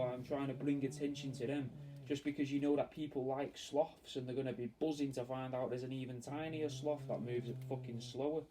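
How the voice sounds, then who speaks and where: A man's voice: mid-range voice, mellow. Sweary man rambling at a distance. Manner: sweary, meandering, chatty. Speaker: taxidermist streaming to fans. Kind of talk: casual rambling chat while working. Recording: distant mic with faint ambient noise.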